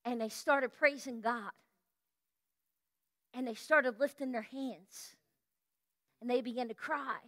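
A woman pastor preaching an animated, storytelling sermon and breaking into bits of song. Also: fairly high pitch, takes it slowly, long pauses. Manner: animated storytelling sermon, exclamations, sings snippets. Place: church sanctuary.

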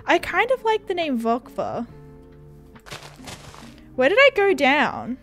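A woman's voice: sits high, huge pitch swings, slow pace, a bit bright, faint music behind. A woman streaming a game live, chatting casually with her chat and giggling often as she plays. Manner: giggly, chatty, talks to chat while playing. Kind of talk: casual gaming livestream chat.

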